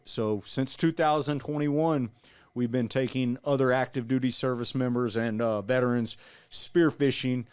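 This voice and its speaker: A man in his forties telling his story in an interview, earnest and halting, with frequent restarts. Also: mid-range voice, steady tone, a little mellow, clean tone. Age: 40s. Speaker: guest, Marine veteran.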